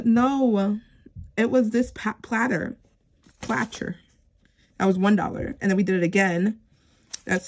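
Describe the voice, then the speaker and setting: A woman vlogger chatting casually as she plays a savings game, counting aloud with bursts of excitement. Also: on the low side, creaky, slight background noise. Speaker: budgeting vlogger. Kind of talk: casual chat while playing a savings game.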